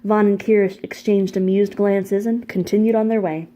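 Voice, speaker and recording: A woman reads a fantasy novel aloud in a steady, measured narration. Her voice is warm and mellow, sitting at an ordinary middle pitch. She keeps an even storybook pace through the prose. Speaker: audiobook narrator. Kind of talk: scripted narration.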